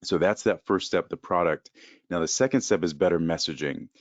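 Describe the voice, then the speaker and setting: A man with a very low voice walks through a slide-based business webinar in a steady, explanatory way, often pausing on "uh". The sound is dull and lo-fi, dry with no room echo. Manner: steady, explanatory, with frequent "uh" fillers. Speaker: presenter for an accounting-firm coaching program.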